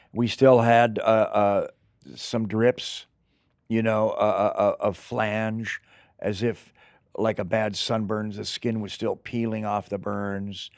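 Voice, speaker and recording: An older man, an actor, telling rambling, animated stories in an interview, with acted asides. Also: fairly low pitch, creaky, no echo, studio quality. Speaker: actor guest. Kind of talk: anecdotal interview storytelling.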